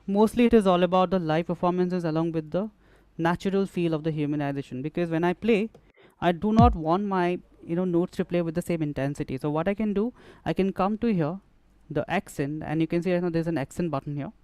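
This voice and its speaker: Male instructor, hands-on studio tutorial; smooth, dry close sound, talks while clicking through steps. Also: high voice, fairly quick, darkish tone, dry recording. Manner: explanatory, repeats and restarts phrases while demonstrating. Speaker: music production instructor.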